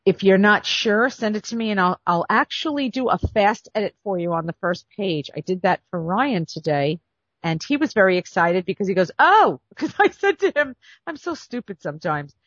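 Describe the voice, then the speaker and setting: A woman's voice: medium pitch, animated, moderate pace, no echo. A woman hosting a podcast as a script editor, talking casually in a chatty, self-deprecating, folksy way. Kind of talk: casual monologue. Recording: dull dry lo-fi recording.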